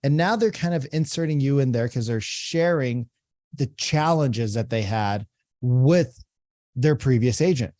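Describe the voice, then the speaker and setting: A man's voice: medium pitch, measured pace, darkish tone, no room sound, studio quality. A man coaching real estate agents in a conversational way, repeating phrases and acting out sample calls. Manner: conversational, repeats phrases, acts out call examples. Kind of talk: reaction commentary and coaching.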